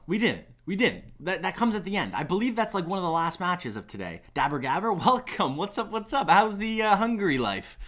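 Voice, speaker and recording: A man giving live esports commentary on a stream, excitable and rambling, often restarting his sentences. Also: a little high. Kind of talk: live esports commentary with chat shout-outs.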